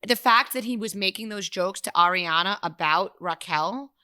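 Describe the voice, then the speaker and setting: A woman's voice: mid-range voice, pushed and bright. A woman co-hosting a casual gossip podcast, bluntly recapping reality TV scenes. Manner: brisk storytelling recap, blunt. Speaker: podcast co-host.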